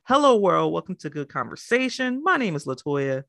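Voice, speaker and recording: A woman co-hosting a podcast in casual chat, profane, animated and teasing. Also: on the low side, moderate pace, vocal fry, soft background music. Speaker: podcast co-host.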